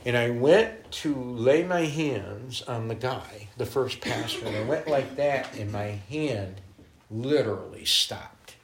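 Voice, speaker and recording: A man's voice: medium pitch, takes it slowly, background noise. A middle-aged man, a guest minister, telling stories in a casual interview, acting out quotes and laughing often. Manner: animated storyteller, voices quotes, laughs often.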